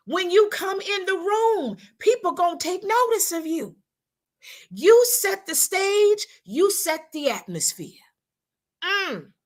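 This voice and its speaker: A woman's voice: very high voice, expressive, slow pace. A woman co-hosting a women's talk show, giving a preacherly motivational talk with speech, repeating her lines and acting out how people talk.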